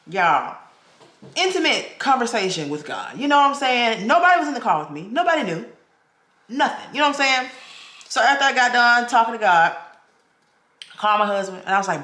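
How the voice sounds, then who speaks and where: Animated woman telling a story to camera. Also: fairly low pitch, normal speed, reverberant. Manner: animated, talks straight to viewers with "y'all", acts out quoted voices. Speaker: vlogger. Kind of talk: personal storytelling vlog.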